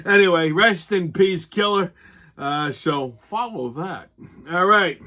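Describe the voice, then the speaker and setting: Foul-mouthed guy host ranting about the news, high bright voice, super sarcastic. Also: drawn-out words, long pauses. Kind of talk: comedic news rant.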